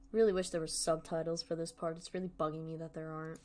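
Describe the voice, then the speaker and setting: A woman's voice: deep voice, flat delivery, fast, warm tone. Giggly woman streamer, casual. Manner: giggly, joking, rambling. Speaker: streamer reacting to a horror series. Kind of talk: casual livestream commentary.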